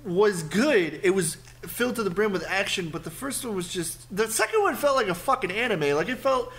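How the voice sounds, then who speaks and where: A young man co-hosting a casual podcast, rambling excitedly and swearing a lot. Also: sits high, a little fast. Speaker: podcast co-host. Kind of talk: casual chat.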